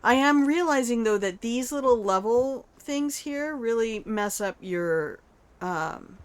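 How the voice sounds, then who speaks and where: An older woman streams herself playing a game, offering chatty, playful commentary and teasing herself. Her high-leaning voice is smooth and slow with lively intonation, and she trash-talks herself while speaking to chat and to the game character.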